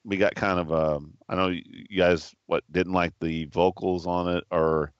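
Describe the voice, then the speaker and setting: A man co-hosting a podcast in a relaxed, hesitant manner with many fillers. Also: sits low, normal speed, clean tone, no room sound, muffled recording. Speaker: podcast co-host. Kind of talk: casual podcast chat.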